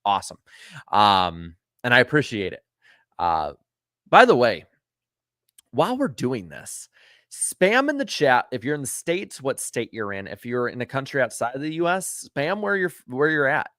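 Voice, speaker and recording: A Florida man hosts a casual livestream in a very animated, mid-range voice with a fairly bright tone and moderate pace, recorded in clean studio sound without echo. He chats with viewers and reads their comments, rambling with plenty of ums and uhs, and turns firm when scolding rude viewers.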